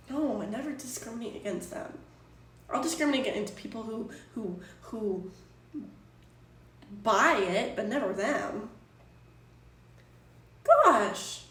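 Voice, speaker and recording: Woman streamer, slightly high voice, in an echoey room, exasperated rambling chat. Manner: exasperated, rambling, swears freely. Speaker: Twitch streamer. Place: apartment room. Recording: echoey room, distant from mic.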